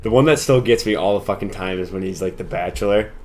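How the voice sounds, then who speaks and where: A man's voice: low-pitched, fast talker, darkish tone. A young man co-hosting a podcast, laid-back and casual, swearing and chiming in with short replies. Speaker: podcast co-host. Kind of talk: casual chat.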